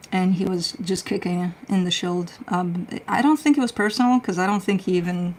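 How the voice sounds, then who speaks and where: This is a middle-aged woman with a low, gravelly voice, hosting a casual tarot livestream. She chats with her viewers in a blunt, easygoing way, swears freely and laughs often. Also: a little hiss or hum, rough recording. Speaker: tarot reader and livestream host. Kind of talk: casual livestream chat, answering viewer comments.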